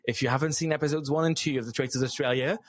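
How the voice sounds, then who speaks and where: A man's voice: mid-range voice, fairly even intonation, racing, dry recording, studio quality. A man hosting a casual podcast chat, jokey and playful as he leads the talk. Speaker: podcast host.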